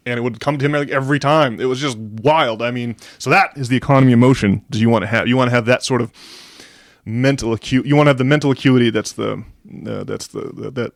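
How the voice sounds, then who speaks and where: A man around forty co-hosting a podcast. He rambles and restarts when chatting, then reads an essay aloud slowly and with emphasis. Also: medium pitch, vocal fry, dry recording, studio quality. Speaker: podcast co-host. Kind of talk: casual podcast chat and essay reading aloud.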